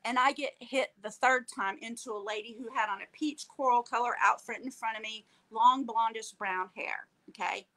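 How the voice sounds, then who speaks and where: Woman, slightly high voice, emotional storyteller on a chat show who acts out the quotes. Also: moderate pace, few pauses, rough recording. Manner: animated, acts out quoted dialogue, tags lines with "okay?". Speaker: guest telling her story.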